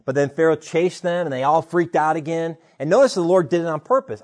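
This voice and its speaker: A man preaching a sermon in a conversational, animated way, retelling stories and asking rhetorical questions. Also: on the high side, brisk, hardly any pauses. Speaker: pastor.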